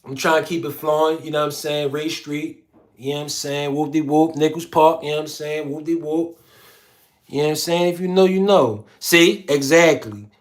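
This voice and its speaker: A man's voice: fairly high pitch, steady tone, normal speed. A man hosting a casual livestream, reading viewer comments aloud in a slangy, laid-back way. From Philadelphia. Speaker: livestream host.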